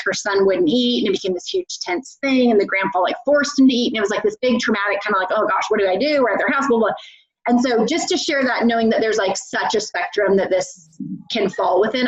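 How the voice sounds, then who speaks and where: A woman dietitian coaching parents on a live call, chatty, with many "like"s and restarts. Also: mid-range voice. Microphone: video call. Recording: roomy, muffled call audio.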